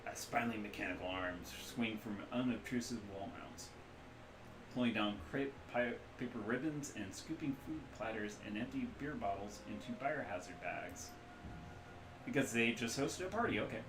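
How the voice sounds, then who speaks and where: A man reads a text game aloud for his stream in a casual, chatty way, breaking off for asides. His voice sits at a middle pitch. The room gives it a noticeable echo, with faint background noise. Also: lively intonation, normal speed. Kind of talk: live-stream game narration. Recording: roomy echo.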